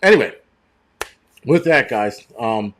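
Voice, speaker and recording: A man's voice: medium pitch, expressive, slow, a bit bright, slight background noise. Profane, heated middle-aged man ranting. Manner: loose and rambling, with repeated restarts. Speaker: show host. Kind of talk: live-stream rant.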